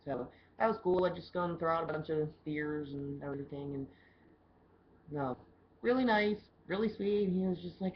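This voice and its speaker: Woman, low pitch, casual bartender video diary, chatty and swearing, muffled lo-fi recording. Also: moderate pace, a little hiss or hum. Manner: chatty, loose storytelling with swearing. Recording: dull lo-fi camera audio with faint background ambience.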